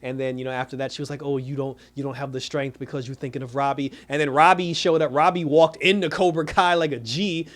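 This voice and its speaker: A man giving a casual, animated episode recap as a reviewer, rambling with restarts and quoted asides. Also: medium pitch, fast talker, few pauses.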